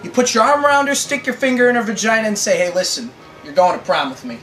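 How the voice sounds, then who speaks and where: A man's voice: sits high, big pitch swings, fast, a bit bright, soft background music, pitched above the performer's own voice. A young man voicing a crude, sneering teenage buddy who gives blunt bad advice. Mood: mocking.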